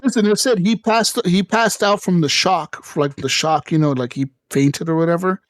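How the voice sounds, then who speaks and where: A man co-hosting a casual gaming podcast, telling stories in an animated, profane way with sudden jumps up in pitch. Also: normal speed, dry recording. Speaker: podcast co-host.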